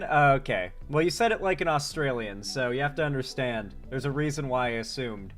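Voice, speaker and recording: A man's voice: medium pitch, lively intonation, fairly quick, hardly any pauses, fairly bright tone, faint music behind. A man hosting a casual livestream, reading out chat names one by one and rambling through asides. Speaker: livestream host.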